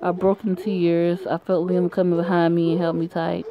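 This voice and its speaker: A woman's voice: on the low side, level tone, moderate pace, hardly any pauses, muffled recording. A young woman reading a story game aloud, breaking in with blunt, profane asides.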